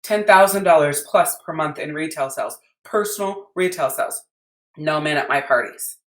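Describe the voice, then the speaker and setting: Low-voiced american lady coach ranting, blunt and sweary, echoey room. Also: moderate pace. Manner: blunt, emphatic, swears freely. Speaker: business coach. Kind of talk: podcast rant.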